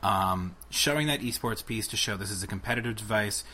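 A young man co-hosting a casual tech podcast, talking excitedly and rambling with lots of restarts. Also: fairly low pitch, fairly quick, a little hiss or hum. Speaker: podcast co-host.

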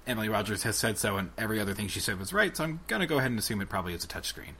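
A young man co-hosting a casual tech podcast, talking excitedly and rambling with lots of restarts. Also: lowish voice, rapid-fire, slight background noise. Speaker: podcast co-host.

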